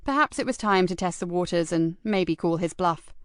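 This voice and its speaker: A woman with a low-leaning voice narrates an audiobook from a script, telling the story in a measured, even manner. The recording is dry, with clean studio sound.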